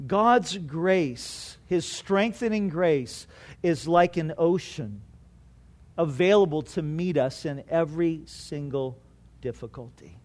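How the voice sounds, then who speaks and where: A man's voice: fairly high pitch, animated, slow, a little mellow. A middle-aged man preaching a sermon as pastor, conversational and self-deprecating, often saying "you know".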